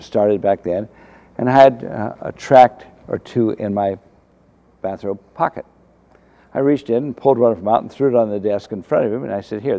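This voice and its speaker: An older man, a former navy officer, telling faith stories from his service in a halting way, full of restarts and fillers. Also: lowish voice, mellow. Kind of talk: casual storytelling testimony.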